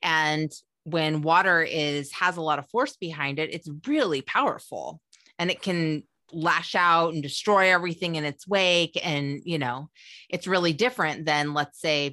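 A woman co-hosting a relaxed podcast, talking like the therapist she is. Her voice sits low yet sounds bright and forceful, and she chats animatedly, laughing often. The sound is close and dry. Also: moderate pace, no echo. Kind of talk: casual podcast chat.

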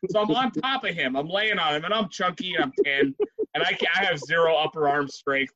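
A man in casual conversation, telling a story in a profane, animated way with frequent laughs. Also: fairly high pitch, a little fast, dry recording. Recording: dry, dull lo-fi sound.

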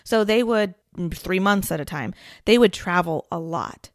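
A woman's voice: on the low side, animated, a little slow, no echo, clean studio sound. A woman in her thirties hosting a podcast, telling a story in a chatty way and laughing often. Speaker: podcast host. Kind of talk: casual storytelling chat.

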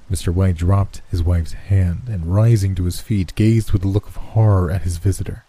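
A man narrating a horror story in a slow, somber storytelling manner. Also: sits low, steady tone, mellow, slight background noise. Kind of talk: scripted horror story reading.

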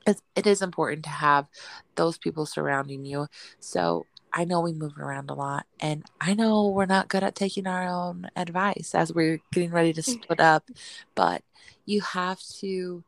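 A woman co-hosting a podcast who tells animated family stories, acting out the quotes, and encourages listeners. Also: fairly low pitch, normal speed, creaky, no room sound. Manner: animated storyteller, acts out her family in quotes. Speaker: podcast co-host. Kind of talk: casual chat and encouragement.

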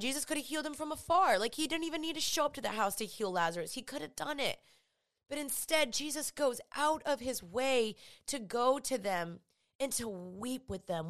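A woman's voice: fairly high pitch, a bit bright. A woman giving a casual devotional talk. She speaks earnestly and conversationally and tells vivid stories. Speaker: Christian speaker.

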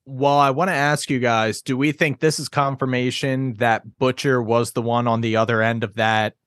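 A man with a medium-pitched voice lays out his points in order and puts questions to the others in a casual fan chat. The sound is dry and close. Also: little pitch movement, normal speed, a bit bright, clean tone, no echo. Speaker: podcast co-host.

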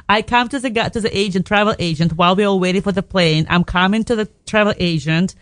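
A woman's voice: medium pitch, a little fast, dry recording. A woman from Belarus, a radio guest telling a candid personal story in a frank, emotional way, swearing casually and restarting her sentences.

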